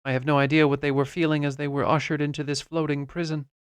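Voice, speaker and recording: A man reading a classic novel aloud as an audiobook, narrating in the first person in a measured, expressive way. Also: a little high, clear, resonant tone, no echo, studio quality.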